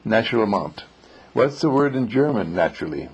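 A man's voice: fairly low pitch, lively intonation, fairly quick, dull audio, a crowd in the background. A man teaching a small class on spiritual matters, telling stories and posing rhetorical questions.

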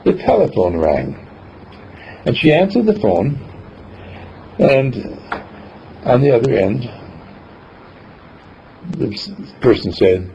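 A man giving a motivational talk, telling a story in an animated way and acting out the scenes. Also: mid-range voice, slow pace, long pauses. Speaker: speaker. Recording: dull lo-fi recording, faint hiss.

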